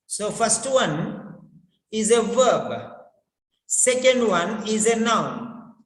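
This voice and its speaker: A man teaches pronunciation at an unhurried pace. He repeats key words again and again to drill them. The sound is roomy, with a long echo trailing each phrase. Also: sits high, sing-song. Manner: repetitive, drills words over and over. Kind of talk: slow instructional lesson. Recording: echoey room with long reverb.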